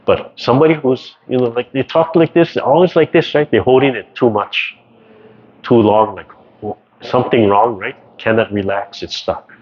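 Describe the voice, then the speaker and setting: Speaking at an ordinary pace and a mid-range pitch, this man runs a casual tai chi session by video call, finishing nearly each phrase with "right?" The audio has the dull, lo-fi quality of a video chat.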